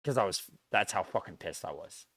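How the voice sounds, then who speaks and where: A man's voice: on the low side, animated, brisk, a bit bright, no echo. A man streaming live, talking earnestly and at length to his chat, repeating his points and swearing often. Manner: earnest, lecturing and repetitive, with frequent swearing.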